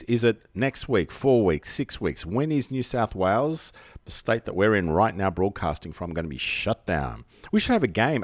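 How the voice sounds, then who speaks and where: An Australian man runs his own live-streamed call-in show, rambling through loose, self-mocking banter. His voice sits low but swings up and down a lot. The sound is dry and close, with almost no room around it. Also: dry recording. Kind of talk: casual live-stream chat. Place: outdoors at night under spotlights.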